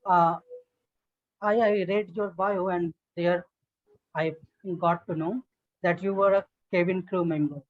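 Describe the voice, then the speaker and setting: A man's voice: high-pitched, fairly even intonation, a little slow, long pauses, phone-quality sound. A man practicing spoken English in an online lesson, talking hesitantly with restarts and "I mean"s. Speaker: English learner. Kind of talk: online one-on-one speaking lesson. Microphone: video call.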